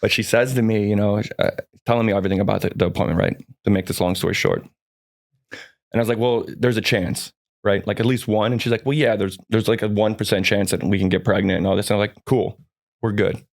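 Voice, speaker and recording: A man's voice: on the low side, steady tone, quick pace, gravelly. A man in his forties, a podcast guest, telling personal stories in an earnest, upbeat, rambling way with many restarts. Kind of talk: personal storytelling in a podcast chat.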